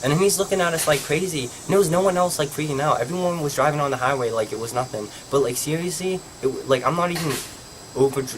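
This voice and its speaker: A man's voice: fairly high pitch, fast talker, a little hiss or hum. A young man from Pennsylvania telling a rambling story for his vlog, filling it with "like". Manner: rambling, heavy use of "like". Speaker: vlogger.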